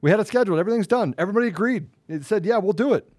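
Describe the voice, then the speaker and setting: A man co-hosting a political talk show, angry and emphatic, swinging between loud outbursts and low muttering. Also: expressive, very fast, no echo, studio quality. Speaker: podcast co-host.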